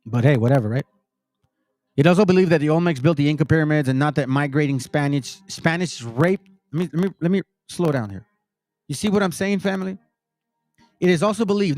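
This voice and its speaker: Heated guy ranting over clips, kinda high voice, dead dry mic. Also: fairly quick, a little mellow, no echo, soft background music. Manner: heated, preachy, addresses listeners as family. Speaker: channel host reacting to videos. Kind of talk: casual commentary over clips.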